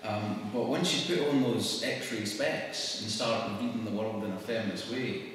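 A man with a Scottish accent giving a public talk to an audience, conversational and wry, with quick laughs. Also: fairly low pitch, a bit bright, slight background noise. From Scotland. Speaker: speaker at a public event. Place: church hall. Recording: echoey hall recorded from far off.

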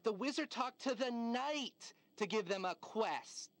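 A woman's voice: a little high, lively intonation, unhurried. A woman voicing a cheerful, bossy cartoon girl who tells a story in a coaxing, sing-song way. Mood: storytelling. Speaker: game character. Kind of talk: cartoon game voice acting. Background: game music.

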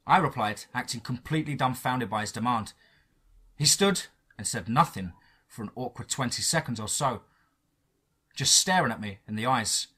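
Husky man telling a horror story. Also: mid-range voice, normal speed, bright, forceful tone. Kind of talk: first-person horror story narration.

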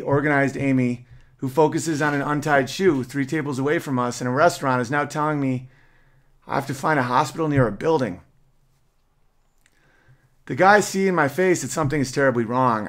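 A man, a podcast host, earnestly reading an emotional personal story aloud. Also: mid-range voice.

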